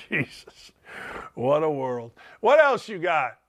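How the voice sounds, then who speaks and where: A man's voice: a little high, big pitch swings, very slow, fairly bright tone. A man hosting a podcast, giving a combative, sarcastic opinion monologue. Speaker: host.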